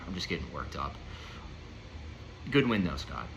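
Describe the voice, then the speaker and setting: Young man, low and forceful voice, ranting casual commentary full of swearing and restarts. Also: very animated, a little slow, gravelly, pauses often, a little hiss or hum. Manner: ranting, profane, rambling with many fillers. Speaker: fantasy football league member reviewing the week.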